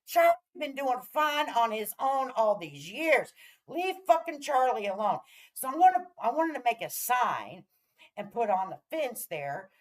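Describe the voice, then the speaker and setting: A woman's voice: a little high, very animated, measured pace, poor audio. Profane, rambling middle-aged woman vlogger. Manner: talks to viewers with repeated "all right?" check-ins. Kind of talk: casual rant to camera.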